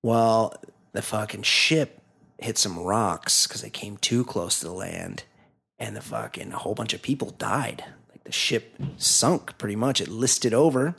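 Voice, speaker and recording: A man's voice: fairly low pitch, a little slow, vocal fry, a bit bright, breathy edge. A man co-hosting a podcast, telling a news story in a rambling, profane way, with lots of fillers. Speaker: podcast co-host. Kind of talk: casual chat.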